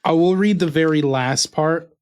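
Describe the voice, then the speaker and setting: A man's voice: a little high, normal speed, darkish tone, slight background noise. A male streamer casually chatting with his viewers and his dog while opening fan mail. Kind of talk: casual live-stream chat.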